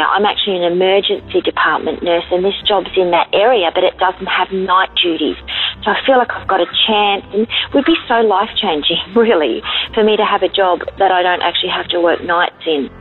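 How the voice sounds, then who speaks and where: An Australian woman calling in, chatty and rambling as she asks for prayer. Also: mid-range voice. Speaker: caller. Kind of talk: phoned-in prayer request. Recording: tinny phone line, faint music.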